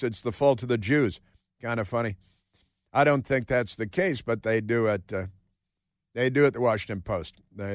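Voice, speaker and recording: A male radio host talks through a sarcastic, meandering monologue, his pitch sitting in an ordinary middle range. He pads his talk with "uh" and restarts. The studio recording is dry and close. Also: no room sound. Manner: sarcastic, rambling, with many filler words.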